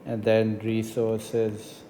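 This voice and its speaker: A man teaching a screen-recorded coding tutorial, explaining each step slowly and checking in with the listener. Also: on the low side, monotone, mellow, a little hiss or hum. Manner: unhurried, explains step by step with frequent "right?" checks. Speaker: math teacher. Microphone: voice-over on tablet whiteboard recording.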